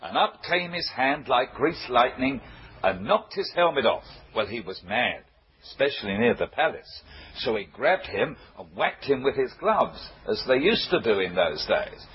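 Slow, chuckling older preacher. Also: male voice, medium pitch, big pitch swings. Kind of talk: anecdotal sermon. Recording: muffled old recording with faint hiss.

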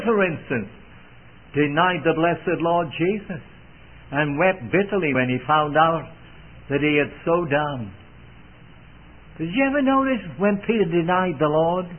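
Guy preaching, earnest old-style sermon, lively rising voice, tinny phone-like sound. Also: on the high side, a little slow, long pauses. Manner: old-fashioned, earnest, swells and drops in emphasis.

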